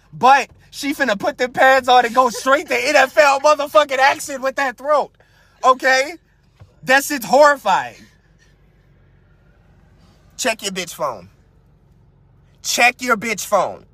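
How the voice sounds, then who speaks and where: Young guy podcast host, crude animated rant, bright voice, dry close mic. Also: very high voice, measured pace, no echo. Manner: crude, animated, keeps asking rhetorical questions. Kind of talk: casual comedic rant.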